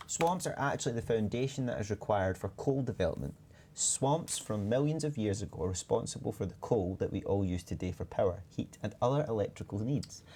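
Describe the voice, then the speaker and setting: A man's voice: lowish voice, lively intonation, a little fast, warm tone, a little hiss or hum. A Scottish man co-hosting a casual game let's play. He chats, cracks puns and apologizes for them with a self-deprecating streak. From Scotland. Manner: jokey, punning, self-deprecating. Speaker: community manager, co-host.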